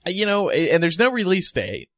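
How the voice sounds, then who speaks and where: A man's voice: sits high, big pitch swings, brisk, a bit bright, no echo, clean studio sound. A man co-hosting a casual chat, relaying film news with chatty asides.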